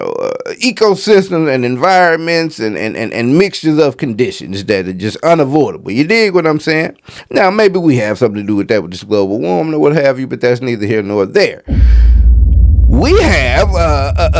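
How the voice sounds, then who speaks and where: A man's voice: fairly high pitch, gravelly. A man hosting a casual commentary monologue, rambling and conversational with plenty of asides. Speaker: commentary channel host.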